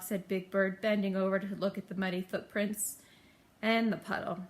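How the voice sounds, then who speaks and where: A woman's voice: medium pitch, moderate pace. Woman reading a children's story aloud.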